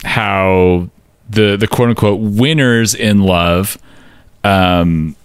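A man with a fairly low voice talks through song lyrics in a relaxed podcast chat, dry and wry, with fillers and small laughs. The sound is close and dead, with no room around it. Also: very slow, smooth, dry recording. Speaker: podcast co-host.

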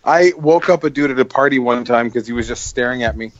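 A man's voice: mid-range voice, quick pace, lo-fi sound. A man co-hosting a podcast, telling stories animatedly with lots of "like" and acted-out quotes. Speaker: podcast co-host. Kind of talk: casual chat.

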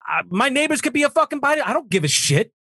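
A man's voice: very high-pitched, sing-song, quick pace, pushed and bright, dry recording, clean studio sound. A man on a political talk show, ranting heatedly and swearing emphatically.

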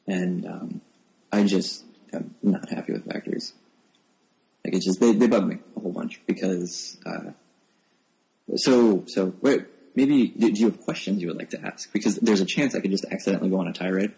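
A low-pitched man with a gravelly texture talks as a guest on a tech podcast. He speaks close to his microphone and often stumbles and restarts his sentences. He is wry and self-deprecating about his work. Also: moderate pace, mellow, low-quality recording. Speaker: podcast guest, software developer. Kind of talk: casual tech podcast chat. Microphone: new close microphone.

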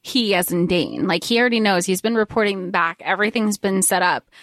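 A woman's voice: medium pitch, expressive, fairly quick, a bit bright, dry recording, studio quality. A woman co-hosting a podcast, talking animatedly about a book and joking as she acts out the characters' lines. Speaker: podcast co-host. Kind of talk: casual book discussion.

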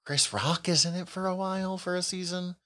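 A man's voice: high-pitched, fairly even intonation, brisk, fairly bright tone. A man hosts a casual podcast chat, talking loosely and laughing easily. He swears freely and tells stories with relish. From Upper Midwest of the United States. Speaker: podcast host.

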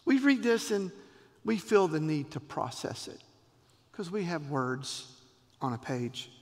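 A man preaching a sermon, expressive, with dramatic pauses and voiced quotes. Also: on the high side, in a large hall. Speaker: pastor.

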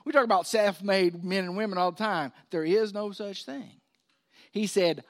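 A male pastor preaching a sermon, swinging between loud emphasis and hushed asides. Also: sits high, lively intonation, moderate pace.

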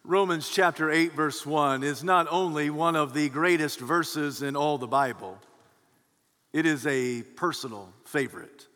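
A male pastor preaches an emphatic sermon in a large church, his fairly high, bright, pushed voice swelling and dropping for emphasis. He keeps a measured pace, and the recording carries a long hall reverb.

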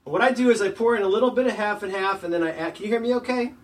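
A man in casual chat, rambling and joking as he narrates what he is doing, talking loud from across the room. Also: high voice, rapid-fire. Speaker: podcast co-host. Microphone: headphones, talking loud from across the desk.

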